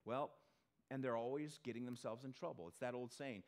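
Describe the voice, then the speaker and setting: A male pastor giving a conversational sermon to a congregation in a church, talking in an animated way. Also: medium pitch. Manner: animated, acts out quick character voices.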